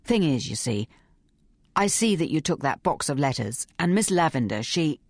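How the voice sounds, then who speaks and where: A gruff, no-nonsense middle-aged woman, as a female narrator puts her on in an audiobook. She speaks in clipped, barking phrases with a low voice and a dry, close sound. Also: lively intonation, moderate pace, dry recording. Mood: confidential.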